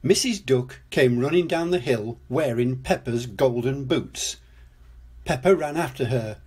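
An older man narrating a children's storybook read-aloud in a gentle, unhurried manner. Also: mid-range voice, husky.

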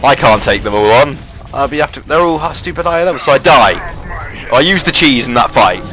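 Over a rough recording with faint music behind him, a man talks a little fast through a replay of his own online game. He's casual and excitable, swears a lot, and his voice jumps up at the key plays.

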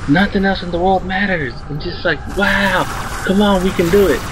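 A man in his twenties rambling through a story while commenting on his gameplay, excitable and swearing freely. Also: on the high side, noisy background. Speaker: let's play host.

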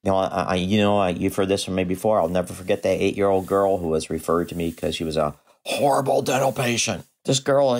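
An older man, a dentist guest on a podcast interview, telling patient stories in an animated way and jumping high in pitch when he acts out what people said. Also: a little fast.

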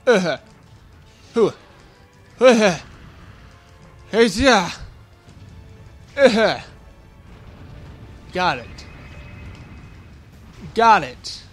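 A man's voice: high voice, sing-song, extremely slow, long pauses, husky, faint music behind. A young man giving casual, jokey commentary while playing a video game, grunting and yelping when hit and talking back at the enemies. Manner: goofy, grunting and yelping at hits; jokey self-talk to the enemies. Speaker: let's play gamer.

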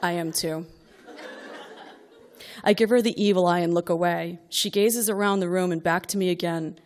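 A woman's voice: fairly low pitch, fairly even intonation, normal speed. A middle-aged woman reading a comic personal story aloud to a live audience, wry and exasperated, building to outbursts.

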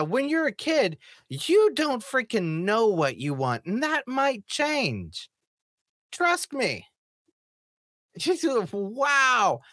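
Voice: medium pitch, fairly bright tone, no room sound, studio quality. A vlogger giving a casual, sarcastic review of a TV episode, mocking it and swearing now and then.

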